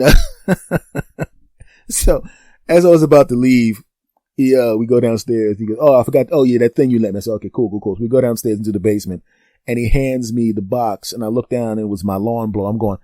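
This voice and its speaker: Man, podcast host, comic monologue, profane teasing, mellow dark voice, dry close sound. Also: medium pitch, brisk, dry recording. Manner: animated storytelling, acting out both sides of conversations. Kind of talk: solo comedic podcast monologue.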